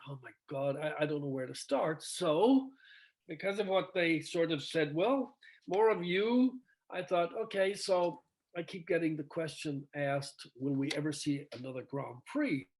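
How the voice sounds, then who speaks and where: A man's voice: a little high, steady tone, normal speed. A middle-aged male rock singer telling stories in a casual interview over a video call, acting out quoted dialogue and laughing often.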